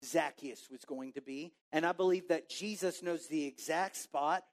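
Texas preacher guy in his 40s, pretty high voice, tells his story all animated, acts out his own head voice. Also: normal speed. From Texas, USA. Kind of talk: storytelling sermon.

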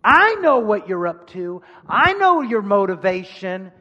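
A man voicing a jealous older brother who scolds and belittles his younger sibling in a hushed, scornful tone. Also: high-pitched, very animated, measured pace, big-room sound, highs cut off, heavily acted. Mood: scolding.

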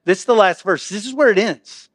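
High-voiced joking male pastor. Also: fairly quick. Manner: humorous, conversational, swings between loud reading and hushed asides. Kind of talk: sermon. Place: church sanctuary.

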